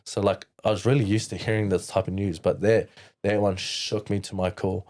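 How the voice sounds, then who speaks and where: A young man with a New Zealand accent, a podcast guest telling a personal story in a halting way, full of restarts and "like". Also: deep voice, level tone, darkish tone. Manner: halting, frequent "like" and restarts, quoting others. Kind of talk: candid storytelling interview.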